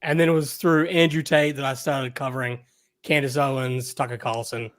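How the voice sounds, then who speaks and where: A man's voice: medium pitch, level tone, moderate pace, dry recording, clean studio sound. A man with an Australian accent, a guest on a podcast, talking casually and hesitantly with many fillers. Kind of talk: casual interview chat.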